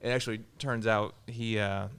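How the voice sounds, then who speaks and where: Male podcast guest, deep fry in the voice, relaxed storyteller. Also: moderate pace. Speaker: podcast guest, former fighter. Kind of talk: casual storytelling chat.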